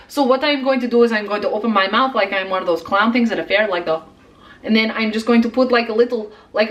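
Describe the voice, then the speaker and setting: A woman's voice: a little high, a bit bright. A woman chatting through a casual makeup tutorial in a playful, rambling, theatrical way, full of fillers as she hypes up the viewer. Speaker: makeup vlogger.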